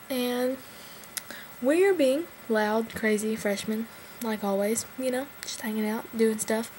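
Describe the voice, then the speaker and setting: A woman in her twenties telling a funny personal story in a chatty, animated way with big swings in pitch. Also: slight background noise, poor audio. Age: 20s.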